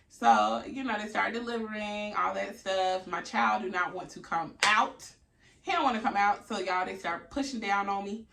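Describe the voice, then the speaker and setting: A woman vlogger telling a story in a casual, theatrical, animated way, swearing freely. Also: mid-range voice, moderate pace, creaky, a little hiss or hum. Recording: echoey room, distant mic.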